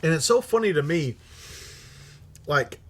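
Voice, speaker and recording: A middle-aged man with a husky voice runs a casual livestream and reads out viewer comments. His delivery is blunt and full of profanity, and he laughs often. His pitch sits fairly high and swings widely as he talks. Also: expressive, unhurried. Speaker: livestream host.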